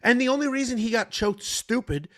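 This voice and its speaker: Bright-voiced brash man co-hosting. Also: very high-pitched, animated, brisk. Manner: brash, joking, blunt. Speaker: podcast co-host. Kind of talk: casual sports betting chat.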